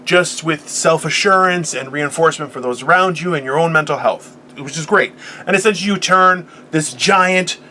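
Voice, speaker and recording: Brief: man in his 40s, bright high voice, profane rant with loud bursts, faint room hiss. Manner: animated, profane storyteller who bursts into loud, high outbursts. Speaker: podcast co-host. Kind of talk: casual motivational rant.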